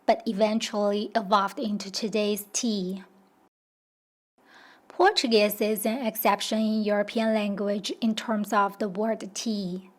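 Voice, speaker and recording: A woman narrating a scripted documentary voice-over in a steady, explanatory way. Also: mid-range voice.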